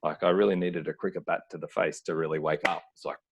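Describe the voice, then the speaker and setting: A man's voice: deep voice, fairly even intonation, quick pace, vocal fry, noisy background. A man speaking as a podcast guest, earnest and searching, often filling with "like" as he reflects. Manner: earnest, searching, frequent "like" fillers. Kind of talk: reflective conversational talk. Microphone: remote call.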